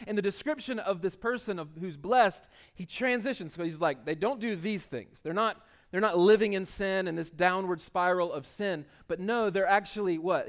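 A man preaching a sermon as pastor, talking conversationally, with restarts and emphatic swells, and slowing down to read scripture aloud. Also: high voice.

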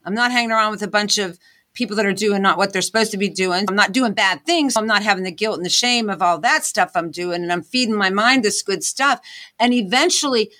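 A woman's voice: medium pitch, a little fast, bright, forceful tone. A woman guest in an interview, talking earnestly about her path as an inventor and motivational speaker. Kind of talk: candid interview talk.

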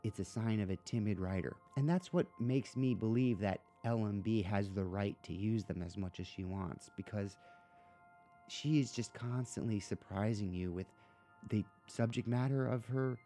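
A low-pitched man with a mellow, relaxed tone talks casually about a book as a podcast host. He rambles and restarts, filling gaps with "you know" and "um." Faint music sits behind him. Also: moderate pace.

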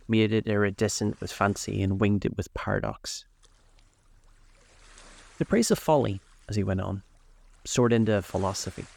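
A man narrating a classic novel aloud in a measured storybook reading. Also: lowish voice, gravelly, dry recording.

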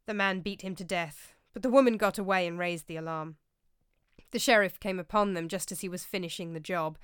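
A woman voicing a calm, worldly medieval priest who tells his tale in a measured way. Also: lowish voice, clear, resonant tone, no echo, studio quality, close to an everyday voice.

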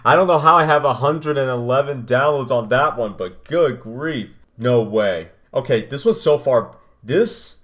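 A man's voice: medium pitch, measured pace, few pauses, a bit bright. A young man hosting his own podcast, talking casually and rambling as he reacts to his old first episode. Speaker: podcast host. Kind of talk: casual solo podcast talk.

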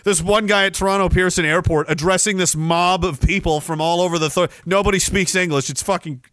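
High-voiced sarcastic ranting podcast host. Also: male voice, fairly even intonation, a little fast, a bit bright, dry recording, clean studio sound. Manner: sarcastic, profane, rambling. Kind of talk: casual ranting commentary.

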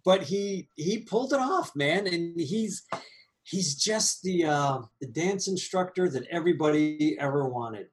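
A man co-hosting a casual movie review chat, animated and laughing, with quick asides. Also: a little high. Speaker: podcast co-host.

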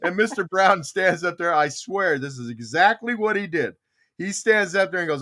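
An older man hosting a podcast, telling stories in casual chat, animated and laughing, acting out other people's voices. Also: high voice, moderate pace. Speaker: podcast host.

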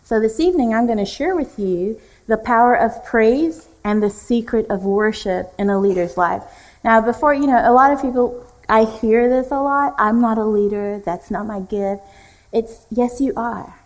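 Woman pastor teaching at church, chatty and jokey, kinda high voice. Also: moderate pace, rough recording. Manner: warm, joking, conversational teaching. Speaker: executive pastor.

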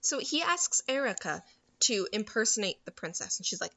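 A woman's voice: mid-range voice, no echo, muffled recording. A woman in casual chat, retelling a movie scene by scene and quoting the characters as she goes. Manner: animated retelling with quick character quotes.

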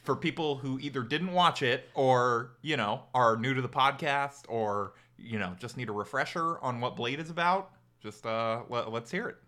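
A man hosts a podcast with breezy, teasing patter. His voice is bright and forward, set in a middle pitch. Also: moderate pace, few pauses. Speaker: podcast host. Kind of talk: casual podcast chat.

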